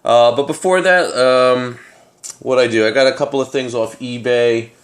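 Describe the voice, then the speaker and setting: A man's voice: medium pitch, moderate pace. Casual New man telling a story. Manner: animated, street-casual, many fillers. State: tired. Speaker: comic collector vlogger.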